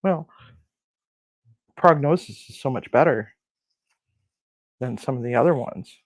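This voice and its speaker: A man's voice: medium pitch, expressive, unhurried, no room sound, poor audio. A man hosting a casual cooking demonstration in a kitchen, rambling with crude jokes and lots of fillers. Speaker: cooking show host. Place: home kitchen.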